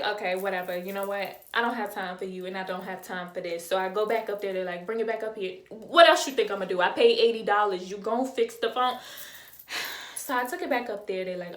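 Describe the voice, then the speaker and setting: Girl in her 20s doing a storytime, super animated, sound effects, echoey room. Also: mid-range voice. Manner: animated, dramatic retelling with sound effects and acted-out quotes. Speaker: vlogger. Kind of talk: storytime vlog.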